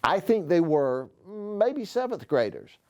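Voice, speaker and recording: A steady, unflustered schoolboy, voiced by a man reading a story who speaks slowly and evenly. His pitch still rises and falls in a lively way. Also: full character voice. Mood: relieved. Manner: calm, steady. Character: calm, brave schoolboy who stands up to bullies.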